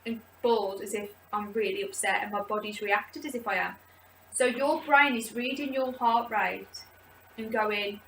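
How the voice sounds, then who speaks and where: A woman's voice: mid-range voice, a little slow, a bit bright. A woman talking casually and rambling, with lots of filler words, as she leads a support group video. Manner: chatty and rambling, many "like" fillers. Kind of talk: casual personal talk to camera. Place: indoors, seated. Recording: roomy echo, distant from mic, faint background noise.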